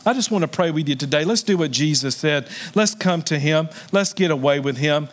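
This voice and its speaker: A middle-aged man gives a sermon from the pulpit, his voice sitting a little higher than most men's. He is earnest throughout, slowing into soft, drawn-out stresses and then rising into loud, high exclamations. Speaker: pastor.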